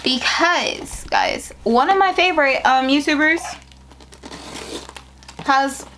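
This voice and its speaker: A young woman unboxing her new business packaging in a casual vlog, excitable and emotional, talking in slang. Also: high-pitched, takes it slowly, slight background noise. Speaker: beauty business owner.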